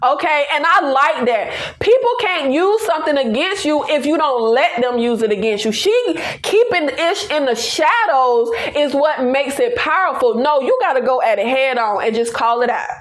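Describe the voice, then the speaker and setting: High, lively woman laughing through a recap. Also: normal speed, few pauses. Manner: animated, laughing often, slangy and playful. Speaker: TV recap reviewer. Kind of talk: casual review chat.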